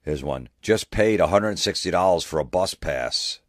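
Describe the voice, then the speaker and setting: A man's voice: low-pitched, animated, moderate pace, no echo, clean studio sound. A man hosting a podcast, ranting in a profane, sarcastic way and mocking people in put-on voices. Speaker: podcast host. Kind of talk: comedic rant.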